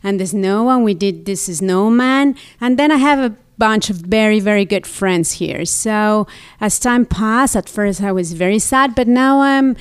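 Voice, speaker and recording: A woman's voice: medium pitch, measured pace, clean tone. A woman from Mexico with a Mexican Spanish accent, a native Spanish speaker, reflecting on her life and often repeating words for emphasis. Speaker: immigrant interviewee. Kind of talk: personal testimony.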